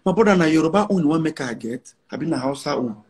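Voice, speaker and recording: A fast, lively voice, on the high side, darkish and husky, belongs to an Igbo Nigerian man of about forty. The musician speaks with a Nigerian Pidgin English accent, talking emphatically and brashly in a casual interview and repeating lines for effect.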